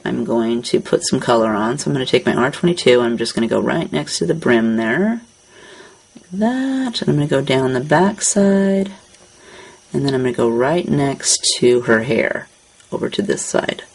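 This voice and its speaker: A woman hosting a craft tutorial, calmly narrating each coloring step as she works. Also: extremely low pitch, normal speed, vocal fry, slightly rough, poor audio.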